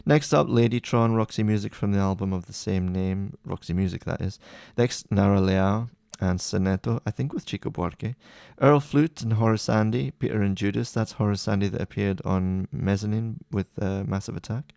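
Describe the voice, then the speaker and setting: Low gravelly-voiced man listing songs. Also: moderate pace, no echo, studio quality. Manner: chatty, relaxed, enthusiastic asides. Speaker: music playlist host. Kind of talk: casual track-by-track rundown.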